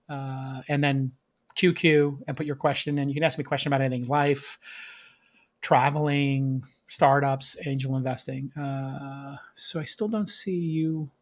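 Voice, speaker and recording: A man's voice: medium pitch, fairly even intonation, moderate pace. A man hosting a live-streamed show, chatting with his producer and viewers, then reading through tech news. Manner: chatty, upbeat, talks to the audience and producer. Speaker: podcast host.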